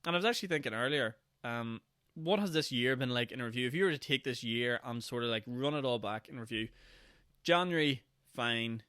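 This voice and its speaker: A man's voice: medium pitch, a little fast, bright, forceful tone, smooth, dry recording, studio quality. A man in his twenties with a Northern Irish accent, hosting a solo podcast in a rambling, sarcastic way and acting out mock quotes. He sounds tired. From Northern Ireland. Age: 20s. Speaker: podcast host. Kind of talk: casual solo podcast monologue.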